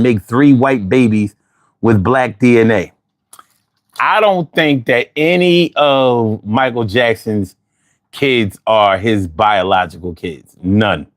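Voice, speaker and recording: A man hosting a livestream, chatting casually and reading out viewer comments in a drawling, animated way. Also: medium pitch. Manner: drawling, animated, talks back to chat. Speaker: livestream host.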